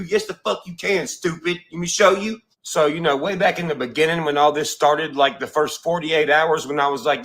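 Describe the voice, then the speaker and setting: A man's voice: sits high, brisk, fairly bright tone. A man ranting on a livestream, angry and profane, mocking his critics. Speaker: streamer in a played clip.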